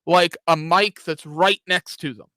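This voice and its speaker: A man's voice: a little high, steady tone, a little slow, bright, forceful tone, dry recording. A man hosting a reaction show, giving blunt, critical and profane casual commentary.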